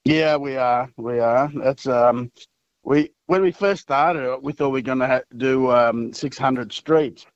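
A man who is a mayor, chatting casually as a radio guest in an easygoing, halting way, often calling people mate. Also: medium pitch, dry recording, lo-fi sound.

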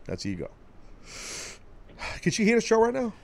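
A man hosting a radio show, teasing his cohost and callers in loud, casual banter. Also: sits high, huge pitch swings, unhurried, gravelly. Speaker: radio host.

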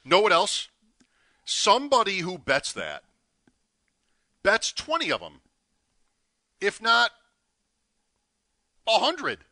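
Guy on a sports radio show, kinda high voice, builds up suspense, casual chat. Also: huge pitch swings, takes it slowly, pauses often, pushed and bright, no echo. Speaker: co-host.

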